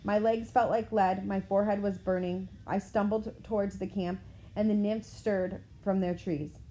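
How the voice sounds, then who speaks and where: Woman narrating a novel, mellow voice. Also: mid-range voice, steady tone, normal speed, slight background noise, poor audio. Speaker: audiobook narrator. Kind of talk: first-person novel narration.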